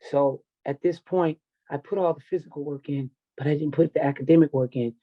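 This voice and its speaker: A middle-aged man with a fairly high voice recounts his past in a blunt, profane, emotional way. The audio is dull and lo-fi, like a basic podcast recording. He speaks as a coach looking back on his youth. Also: steady tone, fairly quick. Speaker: podcast guest, wrestling and MMA coach. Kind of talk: candid personal storytelling.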